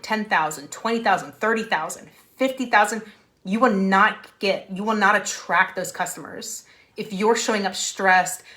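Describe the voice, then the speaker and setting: A young adult woman, a business coach on a live stream from a room at home, energetic and often asking "right?". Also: mid-range voice. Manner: energetic, repeats "right?", laughs.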